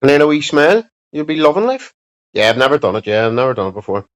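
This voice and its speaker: This man's mid-range voice has a sing-song lilt and a quick tempo as he hosts a livestream from home. He chats bluntly and aimlessly with viewers, cursing a lot, and the sound quality is dull and lo-fi.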